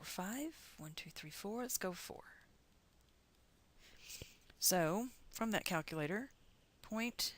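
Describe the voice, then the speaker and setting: A woman's voice: lowish voice, vocal fry, fairly bright tone. A middle-aged woman from the United States teaching chemistry in a recorded lecture, chatty and encouraging as she talks through calculations aloud.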